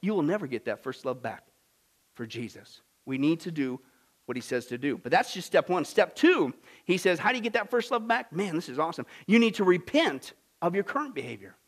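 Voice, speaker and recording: A man preaching a sermon as a pastor, swinging from hushed asides to loud emphatic lines and often repeating "listen". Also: a little high, very animated, fairly quick.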